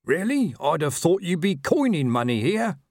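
A man voicing a patient, slow-spoken male zombie constable with a measured manner. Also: on the high side, big pitch swings, darkish tone, dry recording, clean studio sound, pitched above the performer's own voice.

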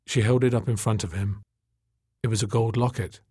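A man narrating an audiobook in a measured, dramatic storytelling manner. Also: on the low side, fairly even intonation, mellow, slightly rough, no echo, clean studio sound.

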